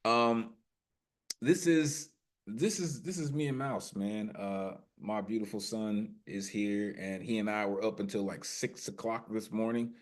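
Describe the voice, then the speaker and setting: A man with a lowish voice hosts an online poetry open mic from a video call. He talks loosely and keeps hyping the poets, leaning on "listen" and "man" as he goes. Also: steady tone, unhurried. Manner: warm hype, repeats "listen" and "man". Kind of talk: casual hosting chat and spoken word. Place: home via video call.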